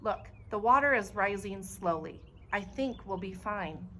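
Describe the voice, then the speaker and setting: A woman's voice: medium pitch, expressive, measured pace, bright, forceful tone, slight background noise. A woman voicing a brave young girl who talks urgently and firmly, in a storybook reading. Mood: reassuring. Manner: urgent, commanding, raised voice.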